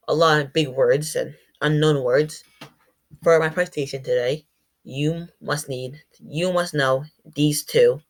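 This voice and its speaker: A woman presenting to a class. She stumbles over words, corrects herself, and says sample words aloud. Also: deep voice. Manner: demonstrates sounds aloud. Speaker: student presenter.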